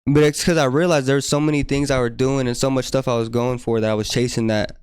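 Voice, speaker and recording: A man's voice: mid-range voice, steady tone, quick pace, darkish tone, clean tone, no echo, clean studio sound. A young man, a podcast guest, talking in a casual, reflective, earnest way. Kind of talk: casual chat.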